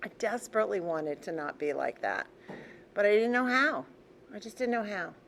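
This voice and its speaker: A woman's voice: medium pitch, expressive, moderate pace, vocal fry, a little hiss or hum. Older woman telling her story candidly. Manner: candid, conversational, with frequent restarts and soft laughs. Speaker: recovery meeting speaker. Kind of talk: personal story told to a group.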